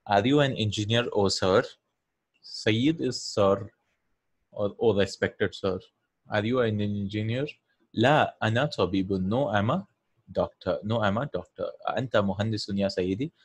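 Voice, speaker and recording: A man's voice: lowish voice, husky. A man teaching an online Arabic lesson, patiently explaining step by step and asking his students questions.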